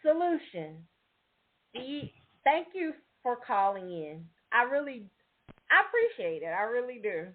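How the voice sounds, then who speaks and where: A woman's voice: on the high side, big pitch swings, measured pace. A woman hosting a call-in talk show, politely thanking the caller and wrapping up the call. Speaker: show host. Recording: tinny online call audio.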